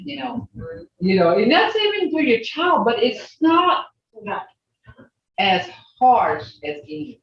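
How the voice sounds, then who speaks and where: Older woman, language teacher, slow and patient, lively pitch, roomy lo-fi call audio. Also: distant mic, a little hiss or hum. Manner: patient, repeats words slowly for learners. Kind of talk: online language class. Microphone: video call.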